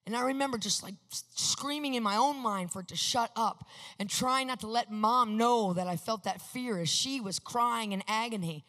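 Woman preacher, fairly high voice, emphatic testimony sermon, long hall reverb. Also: normal speed. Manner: emphatic, swings from hushed to loud.

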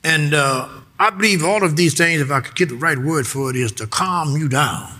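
Bright-voiced man preaching a sermon. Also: on the high side, moderate pace, a little hiss or hum. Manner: emphatic, repetitive, calls for congregation responses.

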